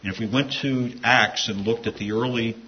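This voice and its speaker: A pastor preaches in a digressive, conversational style full of asides, using a mid-range voice with fairly even intonation at normal speed. The recording is dull and lo-fi, with a faint hiss.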